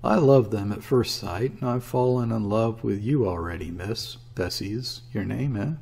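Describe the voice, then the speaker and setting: A man voicing a brash young sailor, gravelly and loud. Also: on the low side, moderate pace. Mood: jaunty. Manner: boisterous, scornful when angry. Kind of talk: audiobook character reading.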